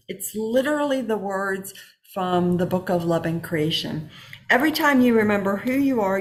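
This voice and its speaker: Slow-speaking woman leading a healing circle. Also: mid-range voice. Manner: encouraging, affirming, repetitive phrasing. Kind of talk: spiritual guidance talk. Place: home, online session.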